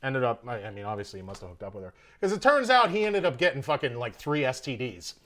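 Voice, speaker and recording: A man telling a story in a casual podcast chat, animated and heavy on profanity. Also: mid-range voice, quick pace. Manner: profane, animated storyteller who puts on a Russian accent in quotes. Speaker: guest comedian. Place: podcast studio in Austin, Texas.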